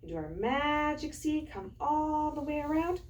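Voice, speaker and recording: A woman teacher reads a picture book to young children in a slow, sing-song storytelling style, then demonstrates how to write a letter. Her voice sits high and is a little mellow, captured by a distant mic in a roomy space.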